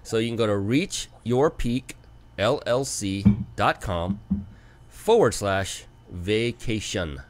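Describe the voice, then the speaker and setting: A man hosting a business talk show, chatting enthusiastically and spelling out details slowly. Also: lowish voice, lively intonation. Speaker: show host. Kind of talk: casual interview talk.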